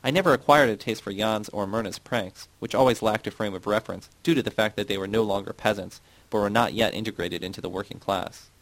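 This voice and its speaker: A man's voice: on the low side, fast talker, few pauses, no echo, natural voice, low-quality recording. A man reading the part of a dogmatic male party loyalist who lectures and dismisses others. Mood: lecturing.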